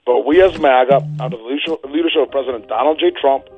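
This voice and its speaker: A man calling in as a guest on a talk radio show, forceful and indignant, hammering his points home. He is heard over a phone line. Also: medium pitch, fast talker. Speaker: political guest. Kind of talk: call-in radio commentary.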